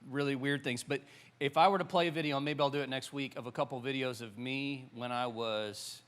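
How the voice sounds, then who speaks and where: A Southern American man in his forties preaching to his congregation. He keeps it loose and chatty, with frequent ums and restarts. His voice sits at an average pitch. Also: steady tone, a little fast, fairly bright tone, smooth. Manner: conversational, many fillers and restarts. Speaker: pastor. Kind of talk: sermon.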